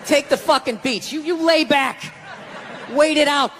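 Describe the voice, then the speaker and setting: A middle-aged man from the US East Coast doing stand-up comedy, ranting and swearing, sometimes shouting. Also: extremely high pitch, measured pace. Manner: ranting, profane, shouting at times. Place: large live comedy venue. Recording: live venue with long reverb and loud crowd. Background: audience laughter and crowd noise.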